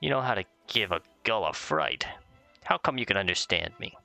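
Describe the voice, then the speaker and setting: A man voicing a weary, grumbling male seagull in a gruff voice. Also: low voice, sing-song, moderate pace, sharp tone, faint music behind, heavily acted.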